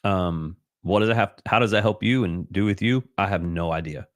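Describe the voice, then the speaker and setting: Broadcasting a devotional livestream from home over a computer mic, a middle-aged host shares personal reflections in a very low, heartfelt voice. His talk meanders with frequent restarts and filler sounds, and the audio stays close and dry, almost free of room echo.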